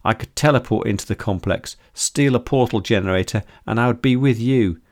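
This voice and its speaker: Upset young woman, sniffly and complaining, pitched well up, read by a male narrator. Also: brisk, lightly acted. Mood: wishful.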